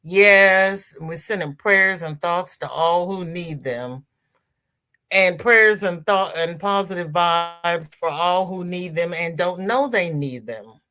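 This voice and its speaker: A middle-aged woman hosts a relaxed crafting livestream, reading viewers' comments and answering each one warmly. She talks unhurriedly, with long drawn-out phrases, calls people "girl" and "honey", and her voice leaps upward whenever something delights her. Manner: laughs often, voice swings high when excited. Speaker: livestream host of a crochet show.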